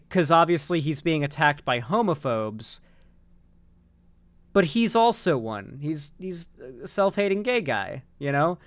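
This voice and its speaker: A man with a fairly high voice talks straight into a dry, close mic, hosting a loose online commentary show. He rambles and restarts his sentences often, swearing casually as he goes. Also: fairly bright tone, no echo. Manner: rambling, many restarts and fillers, swears freely. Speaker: political commentary host.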